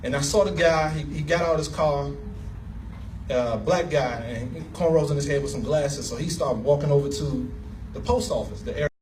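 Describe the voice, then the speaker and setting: A man giving an animated, emotional personal story as a speaker at an event, laughing as he talks. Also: fairly high pitch, moderate pace, distant mic, background noise. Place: event hall.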